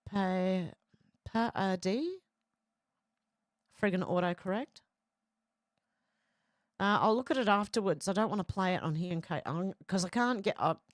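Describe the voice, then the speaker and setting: A woman's voice: medium pitch, measured pace, pauses often, dry recording, studio quality. A middle-aged woman, hosting a casual livestream and reading viewer comments aloud in a chatty way. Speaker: livestream host reading chat. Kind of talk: casual chat.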